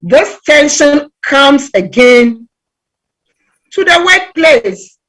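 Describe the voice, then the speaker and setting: A middle-aged woman from Ghana giving a conversational talk on relationships, telling stories with lively acted-out quotes. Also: sits high, very slow. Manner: animated storytelling, acts out quoted voices. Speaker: relationship talk guest speaker.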